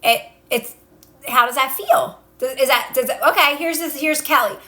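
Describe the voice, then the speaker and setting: A woman on a phone livestream, coaching viewers in a casual way, repeating calm instructions and answering their comments. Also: high voice, normal speed. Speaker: manifestation coach. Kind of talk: casual TikTok live talk.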